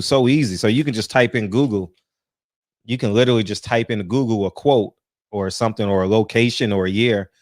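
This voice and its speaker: A man's voice: on the low side, no room sound, studio quality. Laid-back man hosting a livestream. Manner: animated, laughing, peppers lines with "man". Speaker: host. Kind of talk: casual livestream chat. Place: home, just out of the shower.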